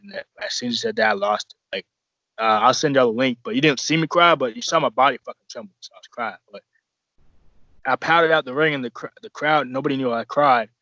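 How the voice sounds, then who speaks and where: Rambling wrestler guest, dull lo-fi sound. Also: male voice, medium pitch, a bit bright, no room sound. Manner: rambling, profane, restarts often. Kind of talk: casual podcast storytelling.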